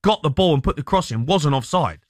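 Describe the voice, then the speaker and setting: A man hosting a radio phone-in, matey and quick to cut in. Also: on the high side, animated, no room sound, studio quality. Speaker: radio host. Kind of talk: phone-in chat.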